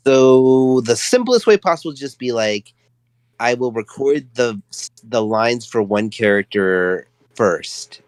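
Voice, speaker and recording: A man, a fan voice actor, talking in casual stream chat in a playful, quick way with stammered restarts. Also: on the low side, no room sound, rough recording.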